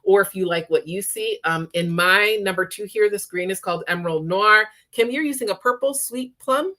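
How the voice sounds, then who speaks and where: A woman's voice: medium pitch, normal speed, pushed and bright. A woman demonstrating makeup in a live tutorial, talking chattily and often checking in with her viewers. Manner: chatty, checks in with frequent "okay?".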